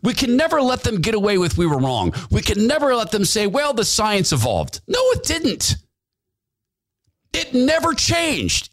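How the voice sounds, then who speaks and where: A man's voice: high voice, wildly swooping pitch, moderate pace, a bit bright. A man hosting a podcast, giving fervent, repetitive, preachy commentary into a studio mic. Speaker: podcast host. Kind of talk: impassioned political commentary.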